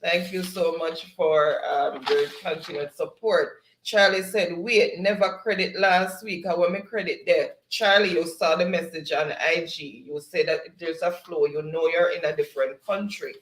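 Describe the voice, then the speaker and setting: A woman's voice: lowish voice, fairly even intonation, moderate pace, hardly any pauses, reverberant, low-quality recording. A Jamaican woman hosting a livestream, chattily reading out viewer comments and laughing often. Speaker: livestream host. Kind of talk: reading viewer chat aloud.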